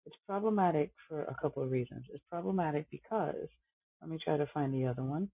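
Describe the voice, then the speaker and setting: Host, male, gravelly and husky, emphatic commentary, tinny phone-line sound. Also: on the high side, fast. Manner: emphatic, repeats phrases, rhetorical questions. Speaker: podcast host. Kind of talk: impassioned commentary.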